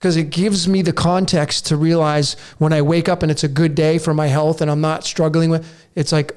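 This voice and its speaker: A man's voice: on the high side, level tone, normal speed, darkish tone, clean tone. A man in his late forties hosting a podcast, delivering a raw, preachy rant straight to his listeners. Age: 40s. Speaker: podcast host. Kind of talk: monologue to listeners.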